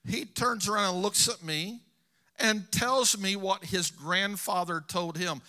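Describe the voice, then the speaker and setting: A man's voice: high voice, slow pace, long pauses, sharp tone. A middle-aged man preaching a sermon, telling personal stories earnestly to his congregation. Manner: storytelling, earnest, addresses congregation.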